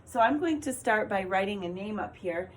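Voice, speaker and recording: A woman teacher giving a recorded lesson to young children, talking slowly and clearly as she writes and encourages them. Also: mid-range voice, animated, slight background noise. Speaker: kindergarten teacher.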